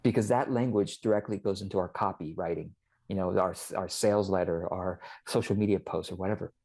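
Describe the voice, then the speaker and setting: A man's voice: low-pitched, steady tone, brisk, vocal fry, mellow. A man as an interview guest, explaining casually and animatedly and acting out little quoted exchanges.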